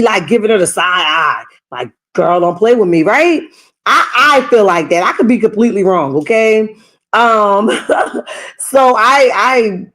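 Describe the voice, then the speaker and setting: A woman hosting a reaction stream, giving casual, emphatic commentary and often ending her points with "okay?". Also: fairly low pitch. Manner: emphatic, tags lines with "okay?". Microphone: streaming setup.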